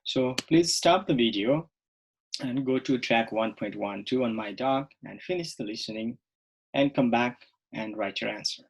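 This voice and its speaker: A man teaching a recorded online English lesson, speaking slowly and repeating words, often checking in with "okay?". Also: medium pitch, vocal fry, husky, poor audio. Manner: slow, repetitive, checks in with "okay?".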